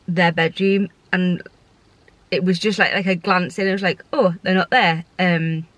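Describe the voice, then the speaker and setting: A woman's voice: on the low side, fairly bright tone, dry recording. Heartfelt rambling woman foster carer vlogging. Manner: heartfelt, rambling, many restarts and fillers. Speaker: short-term foster carer. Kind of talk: casual reflective vlog talk.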